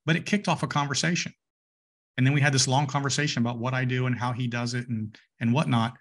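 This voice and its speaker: A man speaks as a podcast guest at a middle pitch, sharing stories from his sales work. His delivery is casual and anecdotal, with small restarts as he builds each point. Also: steady tone. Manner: storytelling, with quick restarts. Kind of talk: casual interview chat.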